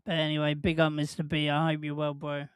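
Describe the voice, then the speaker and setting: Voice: mid-range voice, monotone, quick pace, clear, resonant tone, dry recording, studio quality. A host, chatting casually on a live watch-along stream, rambling and jokey, laughing often and putting questions to the chat.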